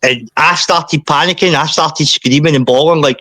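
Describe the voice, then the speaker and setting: A man, a podcast guest, recounting a painful personal story in a halting way, often repeating himself and saying mate. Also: on the high side, pushed and bright, no echo.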